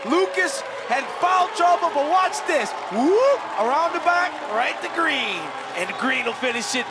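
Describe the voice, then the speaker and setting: Brief: a man doing an excitable high-pitched basketball caller over a roaring crowd. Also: unhurried, very noisy. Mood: hyped. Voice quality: shouting, high-pitched, hyped. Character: excited male basketball commentator doing whooshes.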